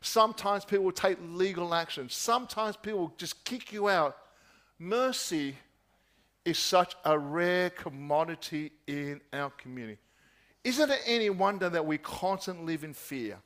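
A man preaching a sermon, asking repeated rhetorical questions and dropping his voice soft at key points. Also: high voice, normal speed.

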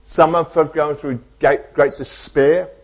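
A male pastor delivering a sermon in a church, preaching emphatically with repetition and dramatic pauses. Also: fairly high pitch, fairly even intonation, lo-fi sound. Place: church with online Zoom audience.

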